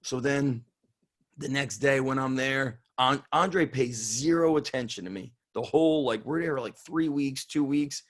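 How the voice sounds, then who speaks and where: A middle-aged man from Israel, a strength coach telling lively, profane stories in an interview and acting out the voices of the people in them. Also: mid-range voice, measured pace. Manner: animated, profane, acts out quoted voices. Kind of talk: casual storytelling interview.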